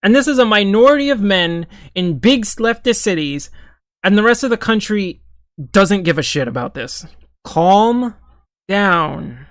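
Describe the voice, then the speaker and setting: A man's voice: high voice, animated, unhurried, fairly bright tone, no echo. A young man giving a sarcastic, profane, exasperated running commentary as an online commentator. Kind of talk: ranting commentary.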